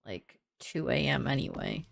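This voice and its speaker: A woman's voice: rumbling low, wildly swooping pitch, normal speed, creaky, no room sound, clean studio sound. A young woman casually thinking aloud while she builds in a game, chatty and full of "like"s. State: sleepy, yawning. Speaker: gaming creator building in a life sim.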